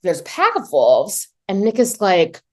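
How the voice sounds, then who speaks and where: A woman giving a casual comedic movie recap, talking in a chatty, animated way with lots of "like" and dry low asides. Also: measured pace. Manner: chatty and animated, heavy use of "like"; swings between excited high pitch and low deadpan asides.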